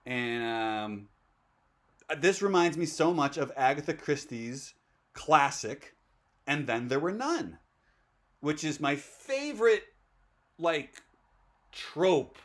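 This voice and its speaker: A man's voice: a little high, sing-song, slow, long pauses. A man hosting a casual talk about films, enthusiastic and rambling, often restarting his sentences. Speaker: host. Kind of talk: casual movie chat.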